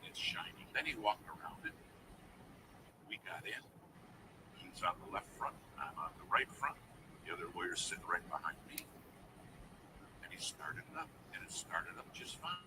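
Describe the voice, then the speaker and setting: A man's voice: fairly low pitch, recorded from a distance, background noise. A man preaching a sermon through a dramatic personal story, dropping to a near whisper at the tense moments.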